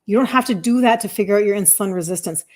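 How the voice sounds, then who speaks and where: A woman's voice: medium pitch, rapid-fire, a little mellow. A woman in her fifties, a health coach talking bluntly and emphatically to her audience on a live stream. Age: 50s.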